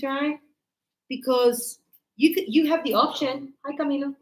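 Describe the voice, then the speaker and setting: Chatty, high-voiced woman teaching English. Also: measured pace, long pauses, rough recording. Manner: chatty, acts out little scenes with sound effects. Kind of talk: casual classroom teaching.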